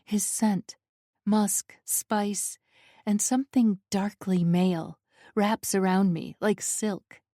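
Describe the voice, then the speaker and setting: Female narrator, slow intimate romance read, breathy pleading delivery, dry studio sound. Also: mid-range voice, steady tone, mellow, dry recording. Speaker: audiobook narrator. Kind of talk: first-person romance audiobook narration.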